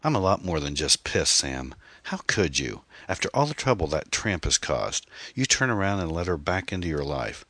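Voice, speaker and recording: A man voicing a bitter, angry woman on the phone, snapping and scornful, with shrill outbursts. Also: very animated, moderate pace, pushed and bright, slightly rough, dry recording, exaggerated voice. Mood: furious.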